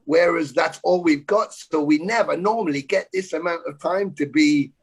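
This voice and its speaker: A man, a rock singer, talking fast and emphatically on a casual video chat, with some swearing. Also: fairly high pitch, slightly rough.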